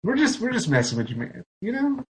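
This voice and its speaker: A man's voice: high voice, wildly swooping pitch, fairly quick, low-quality recording. A man co-hosting a podcast in casual chat, teasing his guests and laughing often. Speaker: podcast co-host.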